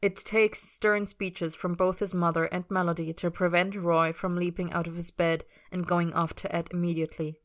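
A woman reading a story aloud in a measured, emotive way. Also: on the low side, flat delivery, fairly bright tone. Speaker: story reader. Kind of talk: audiobook-style fiction reading.

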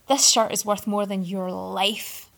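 A woman's voice: medium pitch, flat delivery, a little slow, gravelly, fairly bright tone. A woman voicing a haughty, arrogant young male executive who delivers acid, scornful put-downs in a storybook reading.

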